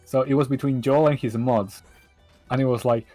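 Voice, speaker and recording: A man's voice: mid-range voice, fairly even intonation, normal speed, mellow, no echo, faint music behind. A man streaming, chatting casually and telling rambling anecdotes with frequent laughs. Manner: rambling storyteller, laughs often, acts out quotes. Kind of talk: casual chat on a livestream.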